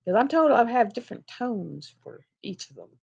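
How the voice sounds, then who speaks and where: A woman's voice: fairly high pitch, very animated, normal speed, vocal fry, a little mellow, husky, no room sound, highs cut off. An older woman, hosting a casual craft live stream from home on a laptop, chatting in a rambling way and laughing often. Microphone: laptop mic.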